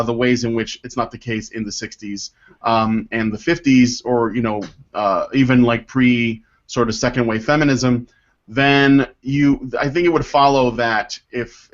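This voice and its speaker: Brief: male podcast host, chatty, swears, lo-fi sound. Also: mid-range voice. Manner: rambling, filler-heavy, swears freely. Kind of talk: casual podcast chat and letter reading. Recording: dull lo-fi podcast audio.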